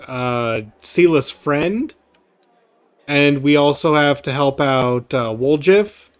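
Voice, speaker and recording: A man casually commenting on his gameplay as a let's play host, halting and rambling as he thinks aloud. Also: fairly high pitch. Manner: rambling, halting, with fillers and restarts.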